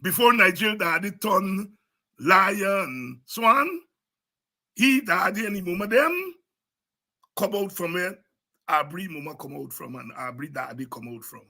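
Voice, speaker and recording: A man's voice: high-pitched, expressive, a little slow, pushed and bright. A man with a Guyanese Creole accent giving fiery, preaching political commentary as a show host, repeating himself and sliding into Creole.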